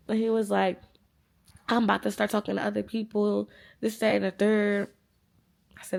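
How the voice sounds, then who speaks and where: A woman in her twenties vlogging, animated and profane as she retells an argument and acts out the quoted dialogue in a casual storytime chat. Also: mid-range voice, moderate pace, vocal fry, long pauses. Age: 20s.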